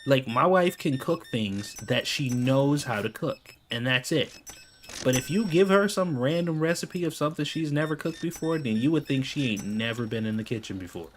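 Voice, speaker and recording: A man's voice: medium pitch, lively intonation, moderate pace, a little hiss or hum. A man telling casual, exasperated stories over gameplay, swearing freely and laughing often. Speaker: gaming video creator.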